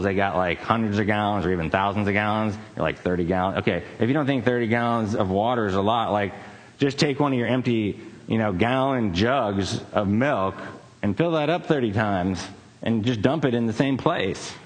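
A man preaching, telling a personal story in a casual, conversational way with fillers and quick laughs. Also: on the low side, in a large hall. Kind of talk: sermon story.

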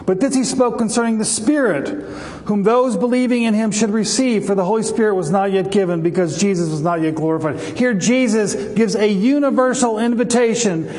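Passionate high-voiced male preacher in a reverberant hall. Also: fairly quick, darkish tone. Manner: passionate, rises for scripture quotes, some restarts. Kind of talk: sermon. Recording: long reverb, faint background noise.

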